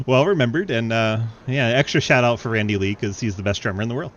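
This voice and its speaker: A young man calling an online sim race on a headset, excitable and quick to laugh, then chatting casually with the drivers. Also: mid-range voice. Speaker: race commentator and host. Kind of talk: sim racing play-by-play commentary.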